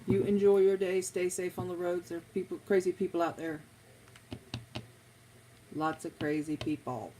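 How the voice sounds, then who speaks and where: A woman's voice: lowish voice, steady tone, moderate pace, long pauses, dark tone, a little hiss or hum, poor audio. A middle-aged woman, chatting casually with viewers on a stream, rambling from one topic to the next. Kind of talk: casual live chat.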